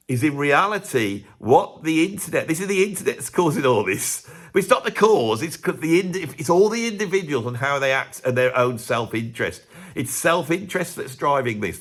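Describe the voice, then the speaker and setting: Rambling man musing to camera. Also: on the high side. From England. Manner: rambling, self-interrupting, full of rhetorical questions. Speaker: YouTube commentator. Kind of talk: casual monologue to camera.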